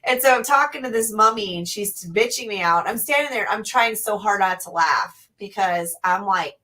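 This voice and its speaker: Bright-voiced woman telling a rambling story. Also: mid-range voice, normal speed. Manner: rambling and animated, swears freely. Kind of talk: casual storytelling chat.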